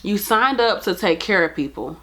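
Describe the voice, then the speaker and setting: A nurse talking straight to camera, earnest and pleading in plain casual speech. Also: female voice, mid-range voice, lively intonation, moderate pace, bright, forceful tone. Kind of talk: heartfelt direct-to-camera talk.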